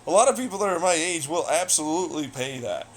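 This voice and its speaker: A man's voice: on the high side, lively intonation, fast talker, a little hiss or hum, poor audio. A young man chatting casually on a livestream, rambling and swearing a lot in a sardonic tone. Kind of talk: casual stream chat.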